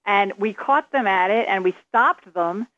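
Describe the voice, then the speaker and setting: A woman's voice: medium pitch, measured pace. A woman speaking firmly and emphatically as a psychic guest in a radio interview. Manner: firm and emphatic. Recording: dry, muffled radio sound.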